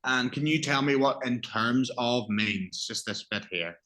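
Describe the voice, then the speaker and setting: A man's voice: mid-range voice, a little slow, bright, forceful tone. A man teaching an English vocabulary class, asking students questions and praising their answers patiently.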